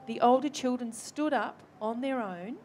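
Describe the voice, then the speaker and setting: Australian woman guest, fairly high voice. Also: moderate pace, a little mellow, faint music behind. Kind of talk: casual interview talk.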